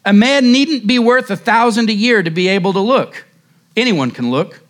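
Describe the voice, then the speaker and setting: A man's voice: a little high, lively intonation, measured pace. A man voicing a fervent, rustic lay Methodist preacher who speaks in a folksy, plain-spoken way and preaches emphatically. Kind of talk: quoted sermon reading.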